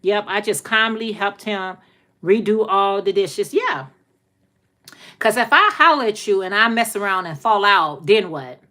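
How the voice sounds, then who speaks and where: A middle-aged woman hosts a casual livestream and chats with her viewers. Her voice is bright and clear, at an ordinary pitch for a woman. She talks in a folksy, rambling way and circles back to repeat her points. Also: animated, unhurried. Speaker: livestream host.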